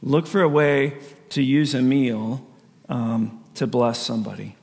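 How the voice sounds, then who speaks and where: Gravelly-voiced pastor in echoing hall. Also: male voice, mid-range voice, measured pace, darkish tone. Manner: conversational storytelling with frequent laughs. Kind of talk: sermon. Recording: long reverb of a large hall.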